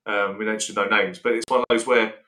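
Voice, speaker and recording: A man's voice: fairly low pitch, flat delivery, quick pace, bright, forceful tone. A man hosting a podcast chat with two guests, talking in a hesitant way. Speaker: podcast host interviewing guests. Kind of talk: casual chat.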